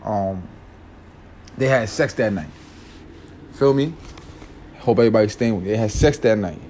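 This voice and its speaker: A man's voice: lowish voice, normal speed, mellow, a little hiss or hum. A man telling a story in a casual, slangy, rambling way, often checking in with his listeners.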